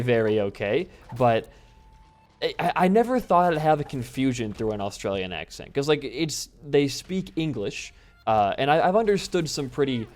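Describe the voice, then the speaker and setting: A man from the US Midwest doing casual gameplay commentary, telling a rambling story and swearing freely as he plays. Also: medium pitch. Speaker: gaming YouTuber.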